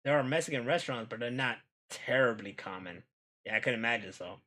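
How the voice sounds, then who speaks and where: A man hosting a live stream, chatting casually with viewers in a joking, profane, animated way. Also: medium pitch, fast. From United States.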